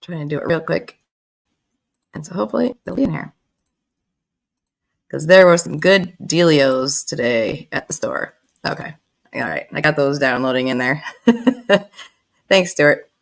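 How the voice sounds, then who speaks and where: A middle-aged woman hosting a casual livestream, chatty and warm with her viewers, greeting them by name and laughing often. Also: low voice, slow pace, gravelly, long pauses. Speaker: livestream host.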